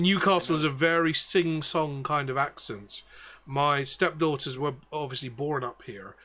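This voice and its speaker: Bright-voiced chatty male game master. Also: a little high, moderate pace, a little hiss or hum. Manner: chatty, explanatory, rambling. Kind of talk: casual out-of-game chat.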